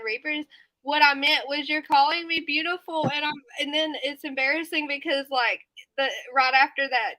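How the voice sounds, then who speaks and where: A bright, high-voiced woman with a drawl chats late at night on a live stream from her home. She reads viewer comments aloud and breaks into giggles and snorting laughs. The sound is dry and close. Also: no echo, poor audio.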